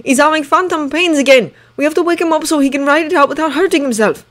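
A woman voicing a brisk, helpful young male servant who speaks loudly and with urgency. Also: high-pitched, pitched above the performer's own voice, natural voice. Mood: urgent. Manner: urgent, commanding in a crisis.

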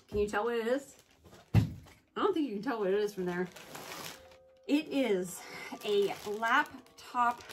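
A woman chatting casually through a product haul, gushing and excitable, often breaking into squeals of delight and correcting herself mid-sentence. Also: medium pitch. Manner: chatty with self-corrections and asides. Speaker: home and collectibles vlogger.

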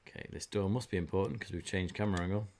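A man's voice: low voice, steady tone, rapid-fire, a little mellow. A man, streaming a video game and chatting in a joking way. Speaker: gaming streamer. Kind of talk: casual game commentary.

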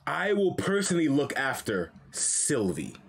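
A man reading out a stern ancient dragon lord's lines in a cold, formal, measured way, a little lower than his own voice. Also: huge pitch swings, gravelly, slightly rough, exaggerated voice.

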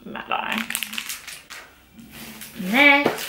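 A young woman vlogger chatting excitedly through an unboxing, gushing and exclaiming, with casual swearing. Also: a little high, unhurried. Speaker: book vlogger. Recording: echoey room, faint noise.

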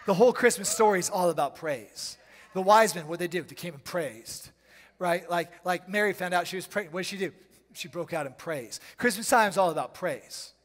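A high-pitched man delivers a charismatic sermon in a church sanctuary, and his voice rings with a long hall reverb. He jumps between loud, dramatic bursts and quieter, playful asides full of slang. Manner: preaching with sudden loud bursts and dramatic pauses. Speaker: pastor.

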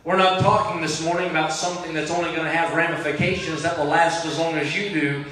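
A man preaching a sermon as pastor, moving between prayer and loud impassioned cries. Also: on the high side, fairly even intonation, quick pace. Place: large church sanctuary. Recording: very echoey church from a distant mic.

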